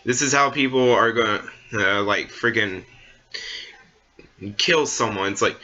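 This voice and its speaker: Rambling young man with a bright voice. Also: on the low side, measured pace, pauses often, muffled recording. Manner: rambling, full of fillers and restarts. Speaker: vlogger. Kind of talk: casual opinion rant.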